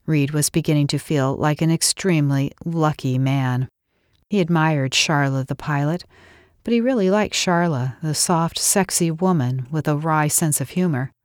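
A woman with a low voice reads a romance novel in a steady, intimate way. The sound is close and dry, with no room around it. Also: moderate pace, dry recording. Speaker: audiobook narrator. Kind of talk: scripted narration.

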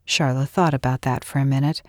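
A woman with a low voice reads a romance novel in a steady, intimate way. The sound is close and dry, with no room around it. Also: fairly quick, no room sound. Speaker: audiobook narrator. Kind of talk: scripted narration.

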